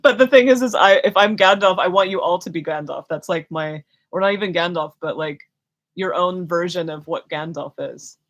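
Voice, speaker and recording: A young woman with a lowish voice hosts a live spiritual Q&A stream at a moderate pace. She rambles casually and self-consciously, full of fillers, restarts and giggles.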